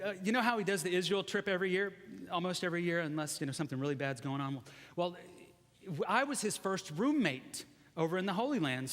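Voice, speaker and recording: A high-pitched man in his forties preaches in a loose, conversational way, teasing himself and the congregation. His voice rings with the long reverb of a large church sanctuary. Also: fairly bright tone. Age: 40s. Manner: chatty, self-deprecating, joking with the congregation. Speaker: guest preacher. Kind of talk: conversational sermon.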